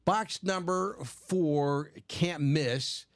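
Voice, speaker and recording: A man with a Chicago accent hosting a live sports card break, chatty and animated, laughing often. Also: fairly high pitch, extremely slow. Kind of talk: casual live-stream chat.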